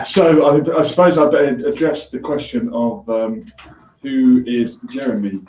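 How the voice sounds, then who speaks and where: A man's voice: mid-range voice, fairly even intonation, unhurried, darkish tone. A man hosting a call-in show, chatting casually with callers, joking and laughing easily. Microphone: headphones on, mic at a distance. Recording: echoey room, distant dull lo-fi mic.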